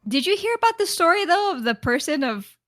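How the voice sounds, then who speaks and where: A woman's voice: extremely high pitch, sing-song, a little fast, a bit bright, no room sound, studio quality. A woman co-hosting a podcast in casual chat, laughing often and swearing casually. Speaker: podcast co-host.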